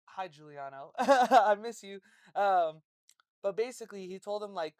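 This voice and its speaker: A woman co-hosting a casual chat, telling a story in an animated way, swearing and laughing a lot. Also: medium pitch, measured pace, dry recording, clean studio sound. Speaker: podcast co-host.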